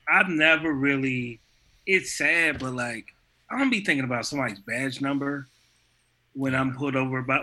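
A man's voice: mid-range voice, bright, forceful tone. A young man in a casual chat with friends, talking expressively about his own experiences. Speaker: friend in conversation.

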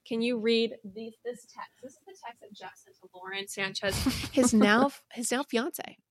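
A woman's voice: on the high side, normal speed. A young woman co-hosting a podcast, telling a gossip story with playful teasing and theatrical emphasis. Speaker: podcast co-host. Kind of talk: casual chat, storytelling gossip.

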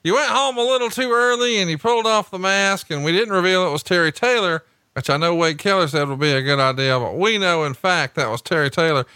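A man's voice: high voice, fairly quick, hardly any pauses, pushed and bright, smooth, dry recording. A man hosting a podcast, joking and teasing his co-host with crude humor. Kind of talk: casual podcast banter.

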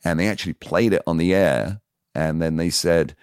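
An older man with an English accent, a podcast guest telling lively anecdotes from his radio career in a casual way. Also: sits low, normal speed, clear, resonant tone, no room sound, clean studio sound. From England. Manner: animated anecdotes, lively voiced quotes. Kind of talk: casual storytelling.

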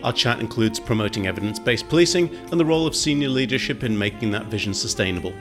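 A man's voice: lowish voice, animated, fast, over music. A man hosting a podcast, introducing a guest and then chatting with a wry, joking manner in a diner. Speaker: podcast host.

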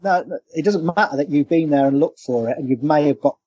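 Man telling animated tales, lo-fi. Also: on the high side, quick pace, slightly rough, no room sound. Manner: animated anecdotal storyteller. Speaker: cryptozoologist guest. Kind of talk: storytelling interview. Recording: dull lo-fi remote line.

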